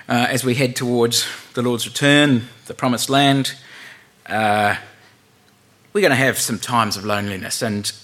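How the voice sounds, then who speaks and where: A man preaching an informal sermon, chatting with many fillers and reading Bible verses aloud slowly. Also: medium pitch, a bit bright.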